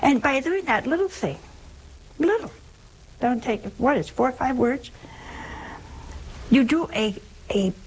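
A woman's voice: high voice, sing-song, unhurried, pauses often, slight background noise, low-quality recording. A woman giving an informal sermon in a homey, humorous way, asking her listeners rhetorical questions. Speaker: religious speaker.

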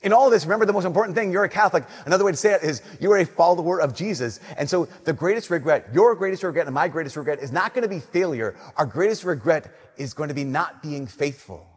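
A young adult man giving a sermon, telling animated stories and swinging between loud emphasis and soft, slow lines. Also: fairly high pitch, husky. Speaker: Catholic priest. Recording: long reverb of a church.

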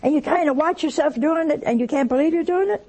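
A woman's voice: sits high, fast talker, mellow, slight background noise, poor audio. A woman giving a spiritual talk in a conversational, storytelling way with touches of humor. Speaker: religious speaker.

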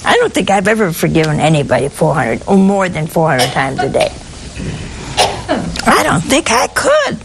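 A woman's voice: deep voice, huge pitch swings, normal speed, creaky, background noise. A woman giving a sermon, telling stories with humor and asking her listeners rhetorical questions. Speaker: preacher.

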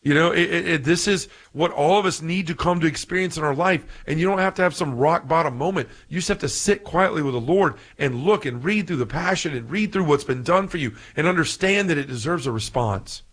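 A man preaching earnestly on a podcast, getting excited and repeating himself. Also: on the high side, a little fast, few pauses. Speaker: podcast speaker on faith. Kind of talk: preaching commentary.

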